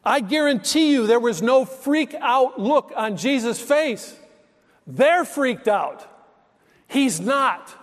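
Man, pastor, high voice, emphatic storytelling sermon, reverberant hall. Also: lively intonation, slow. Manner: storytelling, emphatic, conversational preaching.

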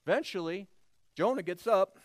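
A male pastor preaches in a church service, telling the story animatedly and slipping into its characters' voices. His voice sits high and swings widely in pitch. The sound is dry and close. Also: expressive, normal speed, no room sound. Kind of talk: sermon.

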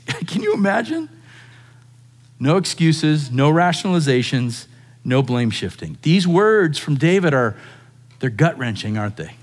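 Man preaching a conversational sermon. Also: fairly high pitch. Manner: conversational preaching with rhetorical questions. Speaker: pastor.

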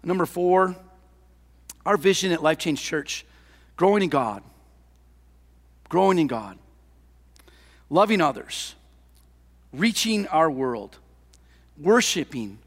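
An older man preaching a sermon as pastor, impassioned, with rhetorical questions, swinging between loud lines and hushed ones. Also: fairly high pitch, lively intonation, slow pace, long pauses. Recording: long hall reverb.

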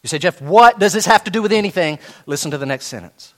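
Animated high-voiced male preacher. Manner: animated preaching with sudden soft drops and acted-out dialogue; slow emphatic repetition of key phrases. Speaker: pastor. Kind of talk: sermon.

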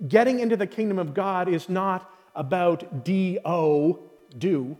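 Brief: a male pastor preaching, high voice, repeats his key phrases, asks the crowd questions, long hall echo. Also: measured pace, darkish tone. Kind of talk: sermon.

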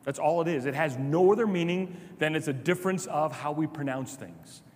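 Animated preacher in a reverberant hall. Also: male voice, a little fast. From Chicago. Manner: animated storytelling, drops to soft low asides. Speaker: pastor. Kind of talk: sermon.

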